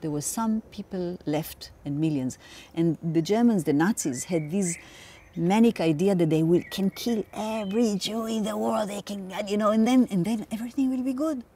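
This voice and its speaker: Earnest Israeli woman in her fifties, halting. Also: mid-range voice, warm tone, slight background noise. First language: Hebrew. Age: 50s. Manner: earnest, halting, many restarts and repeats. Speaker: activist interviewee. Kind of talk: interview answer. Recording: voice a bit far from the mic.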